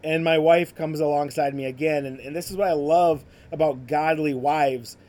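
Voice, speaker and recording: A man's voice: a little high, steady tone, moderate pace, darkish tone. A man hosting a podcast, telling his personal faith story in a casual, conversational way with many fillers. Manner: conversational, full of "like" and "you know" fillers. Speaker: podcast host sharing his ministry story.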